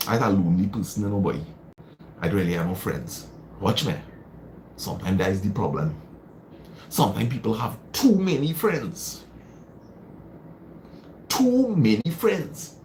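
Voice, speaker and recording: A man's voice: deep voice, very animated, moderate pace, long pauses, a little mellow, slight background noise. A man hosting a live stream, giving casual motivational advice, repeating phrases for emphasis and answering viewer comments. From Trinidad and Tobago.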